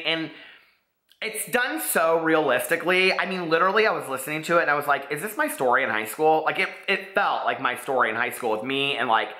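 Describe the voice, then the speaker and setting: A man's voice: on the high side, bright, forceful tone. Gushing, chatty man in echoey room. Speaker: booktube host. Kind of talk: casual book review vlog.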